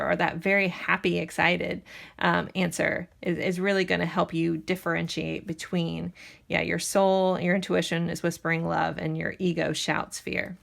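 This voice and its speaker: A woman's voice: fairly low pitch, creaky, a bit bright. A woman giving a pick-a-card tarot reading to her viewers, talking in a chatty, rambling, reassuring way. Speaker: tarot reader.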